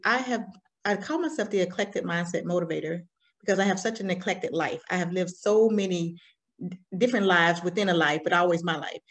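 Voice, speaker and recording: Animated Southern woman in her forties. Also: lowish voice. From Alabama, US. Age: 40s. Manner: animated storytelling, laughs often. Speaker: guest. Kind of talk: conversational interview.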